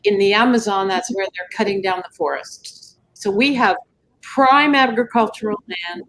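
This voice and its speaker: A woman's voice: medium pitch, normal speed, a bit bright, rough recording. A woman speaking as a panelist, talking in a conversational way with many fillers. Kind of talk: panel discussion.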